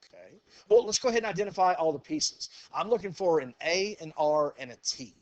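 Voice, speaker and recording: A man teaching a math class, talking the students through a problem in a relaxed way. He says "okay" and "go ahead" again and again and puts questions to the class. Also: fairly high pitch, fairly quick, no echo, highs cut off. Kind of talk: classroom lecture.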